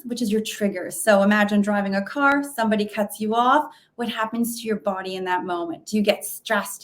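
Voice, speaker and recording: A woman giving a conversational webinar presentation over a video call, with plenty of fillers and restarts. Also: medium pitch. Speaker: webinar speaker. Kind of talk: virtual presentation talk.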